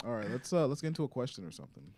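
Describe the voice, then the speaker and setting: A man hosting a casual podcast, steering the talk with dry, relaxed jokes. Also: mid-range voice, very fast, no echo. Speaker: podcast host. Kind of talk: casual chat.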